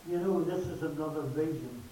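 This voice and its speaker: A man preaching a sermon slowly and emphatically, his voice rising on repeated words. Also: on the high side, warm tone. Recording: echoey hall from far off, faint hiss.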